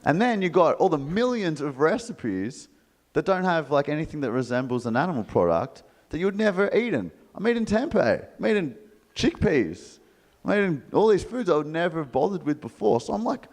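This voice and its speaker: A man with an Australian accent telling a jokey story to a live audience, acting out the voices of the people in it. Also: on the high side. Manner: animated, jokey, acts out quoted voices. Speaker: motivational speaker. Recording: reverberant hall.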